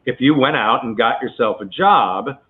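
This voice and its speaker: A man tells a long anecdote in a relaxed interview, chatty and full of asides. His voice sits at a middle pitch. The sound is narrow and tinny, like a phone line. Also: normal speed. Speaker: actor guest telling a story.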